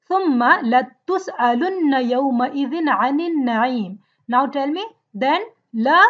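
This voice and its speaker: A woman with a high, clear-pitched voice teaches Arabic grammar to an online class. She explains patiently and keeps asking if everyone is following. The audio sounds dull and lo-fi. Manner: explains patiently, checks understanding often.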